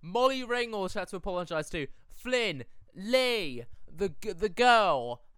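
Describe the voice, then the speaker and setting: A man giving excitable, casual reaction commentary to a movie, talking back to the screen and humming along. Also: sits high, unhurried, clear, resonant tone, dry recording.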